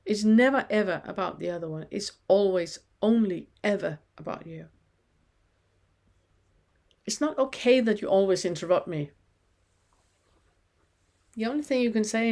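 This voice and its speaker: A woman giving a spoken spiritual lesson in a calm, reflective way, posing many rhetorical questions to the listener. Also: medium pitch, normal speed, pauses often. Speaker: spiritual teacher.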